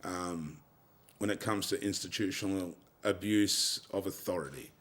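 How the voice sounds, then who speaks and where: Deep-voiced Australian man, frank and loose. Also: measured pace, a bit bright. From Tasmania, Australia. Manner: loose, frank, sweary, peppered with "you know". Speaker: interview guest, rapper. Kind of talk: casual interview talk.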